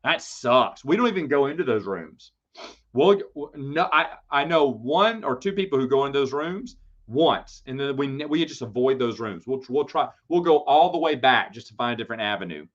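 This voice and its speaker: A man hosting a live Q&A stream, chatting casually and telling lively, playful stories to viewers. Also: mid-range voice, moderate pace. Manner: animated storytelling, lively and playful. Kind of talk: casual livestream chat. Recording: dull lo-fi stream audio.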